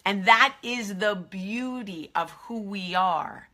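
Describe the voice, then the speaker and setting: A woman's voice: mid-range voice, takes it slowly, bright, forceful tone. A woman with a New Jersey accent hosting a casual chat to camera. She talks in a confiding way and keeps drifting into asides. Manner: chatty and confiding, trailing off into asides. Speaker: host.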